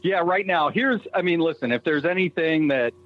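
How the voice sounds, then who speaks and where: A man from Boston tells stories with animated energy, swearing freely as a podcast guest. His voice sits a little high, and the track sounds muffled with a faint hiss under it. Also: normal speed. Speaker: guest, show creator. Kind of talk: casual podcast chat.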